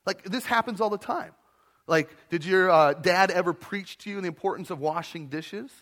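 A young adult man preaching a sermon to a church congregation in a conversational, animated way, dropping into playful voices. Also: high voice, moderate pace. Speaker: pastor.

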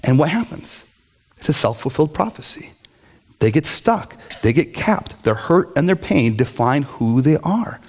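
A middle-aged man, a pastor, preaching a sermon with animated storytelling and mocking voices for quoted characters. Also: on the high side, unhurried.

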